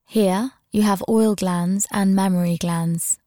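A woman voicing a commanding, smug male university lecturer in an audio story, speaking calmly and instructively. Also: medium pitch, takes it slowly, dry recording, studio quality, close to an everyday voice.

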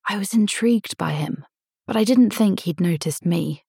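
A woman narrating a first-person novel in a measured, intimate storytelling manner, lightly voicing the dialogue. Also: mid-range voice, gravelly, mellow, slightly rough, no room sound, clean studio sound. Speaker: audiobook narrator.

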